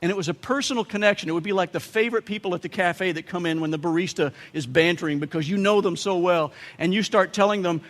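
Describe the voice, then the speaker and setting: A man's voice: sits high, fast, few pauses, fairly bright tone, in a large hall. A man with an American accent preaching a sermon as pastor, telling humorous stories and putting on playful voices for quotes. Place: church sanctuary.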